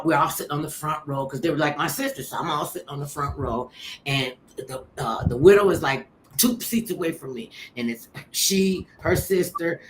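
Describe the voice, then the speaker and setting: A middle-aged woman hosting a chat, telling funny stories in an animated way and acting out what people said. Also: deep voice, a little hiss or hum. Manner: animated, laughing storyteller who acts out quotes. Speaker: show host. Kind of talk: storytelling chat.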